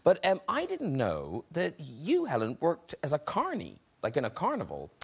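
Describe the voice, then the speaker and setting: A man hosting a talk show, brisk and upbeat with guests. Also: fairly high pitch, huge pitch swings, creaky, husky. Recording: loud crowd noise.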